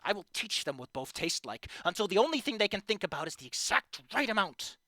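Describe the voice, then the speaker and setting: A fanfiction critic with a mid-range, sing-song voice reads a story aloud at a brisk clip in a sharp tone. She keeps breaking off into exasperated, profane rants, sighing between points, in this ranting commentary on a reading. The sound is clean studio audio with no echo.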